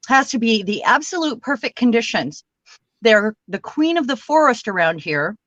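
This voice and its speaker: A woman's voice: on the high side, sing-song, moderate pace, fairly bright tone, no room sound. Chatty woman crafter, rambling livestream host, muffled lo-fi sound, dry. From Washington state. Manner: chatty, rambling, laughs often. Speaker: card-making livestream host. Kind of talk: casual chat while crafting.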